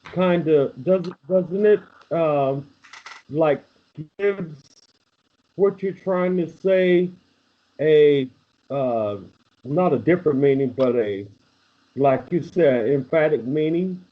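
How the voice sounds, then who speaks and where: A man with a high voice speaks slowly and politely in class, searching for the right words. He sits away from the microphone, and the recording sounds dull and lo-fi. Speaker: class member. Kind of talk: asking a question in class. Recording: dull lo-fi, off-mic in a room.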